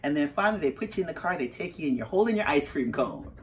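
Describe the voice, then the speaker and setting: A middle-aged woman, the mother of a parolee, telling her story in an interview and acting out her own reactions with big leaps in her voice. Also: fast talker. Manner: animated, acts out her own reactions with big jumps in pitch.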